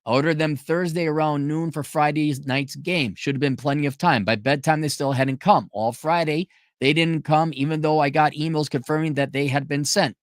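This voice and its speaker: A man's voice: a little high, fairly even intonation, normal speed, few pauses, no echo, studio quality. A man ranting sarcastically and with exasperation as he reads out and mocks a viewer's letter in a commentary video. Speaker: commentary vlogger.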